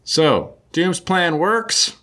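A man's voice: high-pitched, lively intonation, drawn-out words, sharp tone. A man casually recapping a story in a loose, chatty way, full of filler words. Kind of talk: casual comic book recap.

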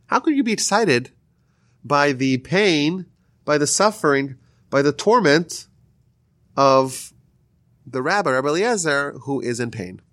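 A man teaching a Talmud lesson, retelling the sages' story in a lively, storytelling way. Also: measured pace, pauses often, no echo, studio quality. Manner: lively storytelling, rises high when telling the story. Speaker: Torah teacher. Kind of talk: explaining Talmud stories.

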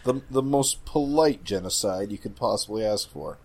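A man's voice: on the low side, lively intonation, normal speed, gravelly, a little mellow. A man co-hosting a casual podcast who throws in dry wisecracks and often restarts his sentences. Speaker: podcast co-host. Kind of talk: casual comic book podcast chat.

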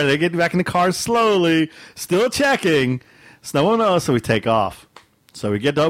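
High-pitched animated man telling a story. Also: dry recording. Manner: animated, laughs often, mimics screams in a high voice. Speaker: podcast co-host. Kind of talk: casual storytelling.

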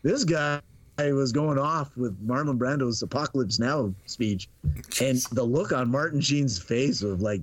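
A middle-aged man telling a story on a podcast, casual and animated, acting out the dialogue and laughing often. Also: mid-range voice, moderate pace, dry recording. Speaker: podcast guest.

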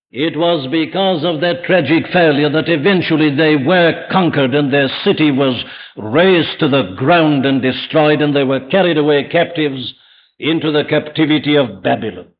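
A man preaching an evening sermon to a congregation, emphatic and full of rhetorical questions. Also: a little high. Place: church before a congregation. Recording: dull lo-fi archive sermon recording.

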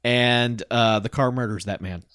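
A man's voice: mid-range voice, a little slow, a bit bright, dry recording, clean studio sound. A man casually recapping a movie with a friend, joking and acting out the characters in silly voices. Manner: jokey, acts out characters in silly voices, laughs often. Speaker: podcast co-host.

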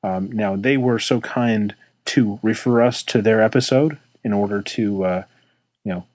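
A man's voice: on the low side, measured pace, darkish tone, no room sound, rough recording. A man co-hosting a casual podcast chat, easygoing and teasing, often restarting his sentences, on a close mic. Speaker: podcast co-host.

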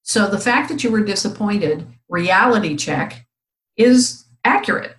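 A woman's voice: medium pitch, animated, unhurried. Laughing co-host woman in her sixties, echoey. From California. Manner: warm-humored, laughs easily, reflective. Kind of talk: casual chat.

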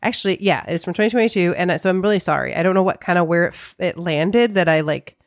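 A woman's voice: on the low side, fast, no room sound, clean studio sound. A woman co-hosting a casual podcast, chatty, with lots of fillers and laughs. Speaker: podcast co-host. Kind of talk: casual chat.

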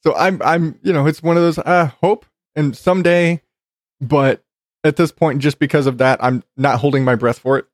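A man's voice: a little high, fairly even intonation, moderate pace, no room sound, clean studio sound. A man hosting a podcast from his bedroom, chatting casually, laughing often and swearing freely with lots of restarts. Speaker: podcast host. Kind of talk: casual chat. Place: home bedroom.

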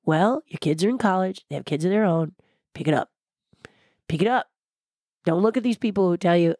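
Emphatic, animated woman telling stories. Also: mid-range voice, brisk, no room sound, clean studio sound. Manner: emphatic, repeats words for effect. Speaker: interview guest. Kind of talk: animated motivational storytelling.

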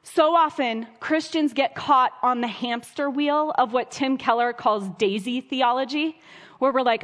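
A woman's voice: high-pitched, a little slow, a bit bright. A woman preaching a sermon, earnest and storytelling, with wry asides. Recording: long hall reverb.

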